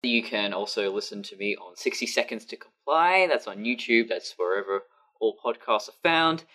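A woman, a podcast guest, chatting animatedly with quick asides and frequent laughs. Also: extremely low pitch, fairly bright tone. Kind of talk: casual chat.

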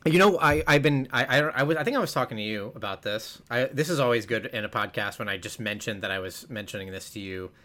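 Bright-voiced rambling American man. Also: on the low side, fast, hardly any pauses. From United States. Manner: rambling, trying out silly accents. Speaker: podcast co-host. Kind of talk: casual chat.

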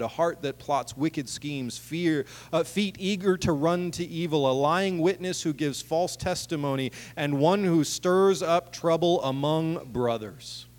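A man preaching a sermon in a conversational way, acting out quotes with humor. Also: fairly high pitch. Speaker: pastor. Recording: long hall reverb.

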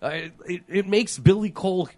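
A man's voice: high voice, lively intonation, moderate pace, a little mellow. A man co-hosting a casual podcast, chatting about a horror film, laughing often and swearing casually. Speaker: podcast co-host. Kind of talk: casual film-commentary chat.

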